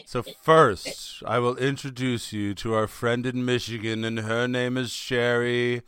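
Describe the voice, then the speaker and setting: A man's voice: medium pitch, level tone, unhurried, a bit bright, clean tone. A man in his fifties from Pennsylvania hosting a casual podcast chat, jokey and playful, swearing casually. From Pennsylvania, USA. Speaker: podcast host.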